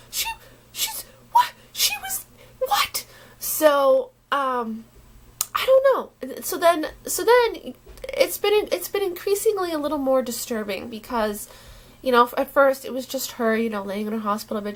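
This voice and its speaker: Slightly high woman vlogger, rambly, lots of restarts and ums, kinda uneasy. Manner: rambling, halting, with many restarts and fillers; unsettled and worried. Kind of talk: casual talk to camera.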